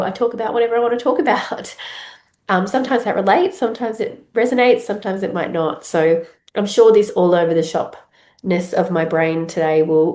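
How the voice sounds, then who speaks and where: A woman's voice: on the low side, dark tone, reverberant. An Australian woman hosting her own podcast, talking casually with a stuffy nose from a cold, rambling with many fillers and restarts. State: congested with a head cold. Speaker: podcast host. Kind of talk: casual solo podcast chat.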